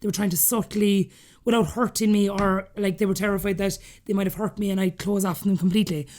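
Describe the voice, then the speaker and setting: A woman's voice: mid-range voice, steady tone, quick pace, darkish tone. An Irish woman in her thirties with a Cork accent, a podcast guest chatting through personal stories, laughing often as she talks. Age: 30s. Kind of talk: casual storytelling interview.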